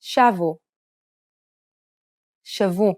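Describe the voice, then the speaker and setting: A woman slowly modeling single sounds and words for learners to repeat. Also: medium pitch, dry recording. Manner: slow, careful, even enunciation. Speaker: native-speaker pronunciation model.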